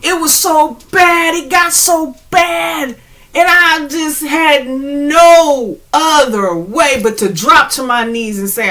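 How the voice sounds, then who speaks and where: Woman spiritual vlogger, high bright voice, animated, slangy, preachy and laughing. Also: slow pace. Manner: preachy, addresses viewers directly. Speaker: spiritual channel host. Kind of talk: casual spiritual pep talk.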